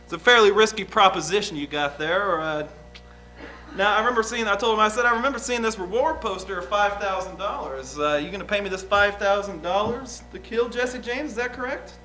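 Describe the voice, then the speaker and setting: A blunt young outlaw witness with no schooling rambles through his answers in a folksy, halting way, as a man plays him. His voice sits high and sounds bright and forward, with faint music underneath. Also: lively intonation. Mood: guarded. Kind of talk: improvised courtroom drama.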